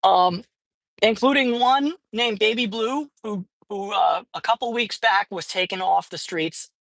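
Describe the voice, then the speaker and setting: In a mid-range, fairly bright voice at a measured pace, a woman rambles through a casual in-car vlog while driving, using many fillers and some profanity. The recording is dry and the audio poor.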